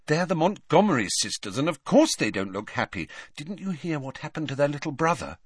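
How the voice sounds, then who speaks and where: A man voicing a brisk, impatient, clever teenage girl in an audiobook. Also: fairly high pitch, very animated, husky, no echo, studio quality, pitched above the performer's own voice.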